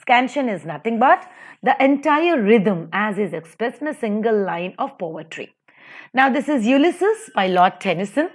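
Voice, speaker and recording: A woman's voice: on the high side, sing-song. Woman teacher with an Indian English accent, bouncy rising-and-falling lecture delivery. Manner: sing-song stressed delivery, slow recitations of verse. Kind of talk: lecture over slides.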